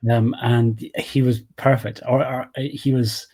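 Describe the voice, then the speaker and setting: A man's voice: medium pitch, flat delivery, a little slow, dark tone. A man with a mild East Coast Scottish accent, talking easily as a guest on an interview podcast. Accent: Scottish, East Coast, softened by years in the US. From East Coast of Scotland. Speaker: guest, YouTube channel host. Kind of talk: casual interview chat.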